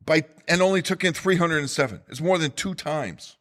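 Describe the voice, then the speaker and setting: Man, New Jersey accent, middle-aged, emphatic podcast host, slightly high voice. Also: moderate pace, few pauses, a bit bright. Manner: emphatic, urgent, repeats figures for stress. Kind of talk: solo economics commentary.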